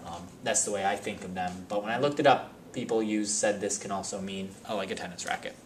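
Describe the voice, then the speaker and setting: A man teaching a spelling lesson, reading word lists slowly and sounding out each word with care. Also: lowish voice, slight background noise. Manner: slow, deliberate word-by-word enunciation.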